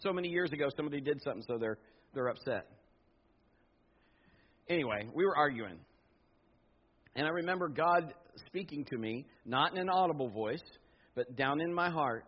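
A middle-aged man pastor preaching a sermon, telling personal stories with animated asides and quoted voices. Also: a little high, normal speed, pauses often, slightly rough. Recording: dull lo-fi sound.

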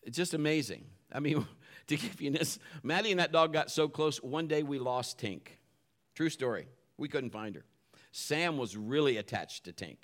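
A middle-aged male pastor preaching a sermon, telling family stories in a folksy way and swinging his voice up for dramatic moments. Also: medium pitch.

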